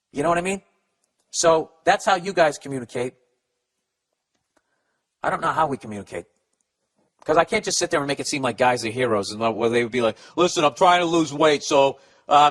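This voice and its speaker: A man's voice: mid-range voice, fairly bright tone. A man hosting a comedy podcast, answering listener letters in a blunt, profane, rambling rant and stumbling while he reads them aloud. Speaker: podcast host giving advice. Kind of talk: casual comedic advice rant.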